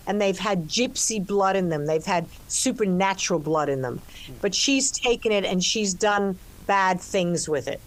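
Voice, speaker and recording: An older woman in a relaxed interview, talking about making her film, full of restarts and "you know"s. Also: medium pitch. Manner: expansive, restarts often, many "you know"s. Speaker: actress and co-writer discussing her film. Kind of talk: conversational interview.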